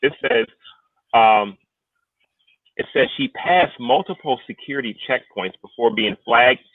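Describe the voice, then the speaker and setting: A man in his thirties co-hosting a podcast, chatting casually about sports with animated, exclamatory reactions. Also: mid-range voice, a little slow, no room sound. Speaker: podcast co-host. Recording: tinny phone-like line.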